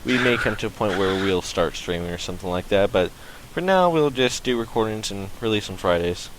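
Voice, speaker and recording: Low-voiced, hesitant podcast host. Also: male voice, fairly quick, noisy background. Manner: relaxed, hesitant, many filler sounds. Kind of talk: casual roundtable chat.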